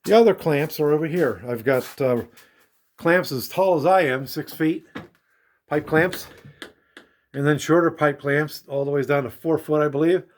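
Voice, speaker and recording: A man's voice: a little high, normal speed. A man chatting casually to his viewers while working in his woodworking shop, rambling and wandering between topics. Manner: rambling and meandering. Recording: roomy shop echo.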